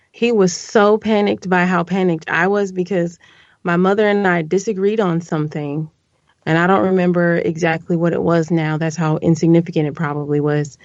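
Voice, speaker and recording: A woman guest on a casual podcast, telling a story in an animated way, her voice climbing when she gets upset. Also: fairly low pitch, dry recording, lo-fi sound.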